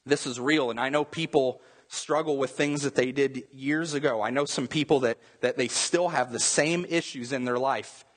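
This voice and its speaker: Male pastor, mid-pitched voice, emphatic repeating sermon delivery, long church reverb. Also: moderate pace, few pauses, breathy edge. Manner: repetitive, emphatic preaching with restarts.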